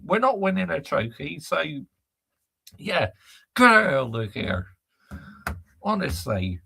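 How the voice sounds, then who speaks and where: Angry fan guy ranting, slow and sharp, swearing lots. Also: on the high side, vocal fry, husky. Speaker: football fan channel host.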